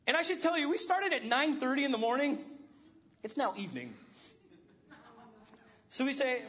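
A man's voice: extremely high pitch, sing-song, normal speed, long pauses, a bit bright, dull audio. A man in his thirties preaching a sermon, telling a funny home-repair story with self-deprecating humor. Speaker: pastor.

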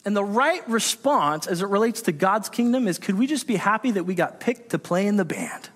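High-voiced man preaching in an echoey hall. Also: brisk. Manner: animated storytelling, acts out voices in his anecdotes. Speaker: pastor. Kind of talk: sermon.

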